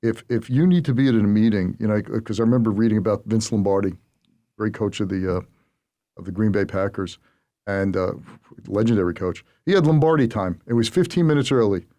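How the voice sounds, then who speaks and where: A middle-aged man hosting a podcast interview, telling stories in an animated, emphatic way with his voice rising on key points. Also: lowish voice, a little fast. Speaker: podcast host. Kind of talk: casual interview conversation.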